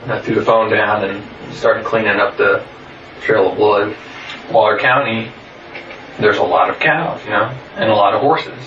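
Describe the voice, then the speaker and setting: A man's voice: on the low side, slight background noise. Man heard far off in a roomy space. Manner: flat, halting, with many pauses and fillers. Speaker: interviewee. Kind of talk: recorded interrogation statement. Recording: muffled, roomy, distant recording.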